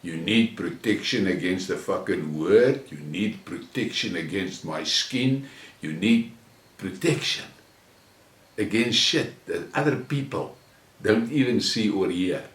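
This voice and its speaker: A man with a South African accent delivering an angry, profane rant, mocking and contemptuous, swinging from shouts to low sneers. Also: lively intonation, slow pace. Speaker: channel host. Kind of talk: angry ranting monologue. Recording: roomy echo, mic at a distance.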